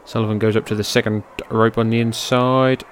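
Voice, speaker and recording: A man giving amateur play-by-play commentary on a wrestling match, shifting from low, offhand calling to loud, high-pitched outbursts laced with swearing, into his own microphone. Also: flat delivery, fairly quick, slight background noise. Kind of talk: amateur play-by-play commentary over old footage. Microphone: personal microphone.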